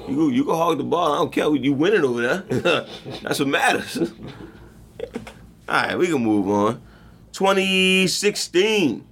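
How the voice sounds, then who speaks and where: Man, casual sports banter, joking, profane, gravelly voice, lively swinging pitch. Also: normal speed, slight background noise. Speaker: podcast co-host.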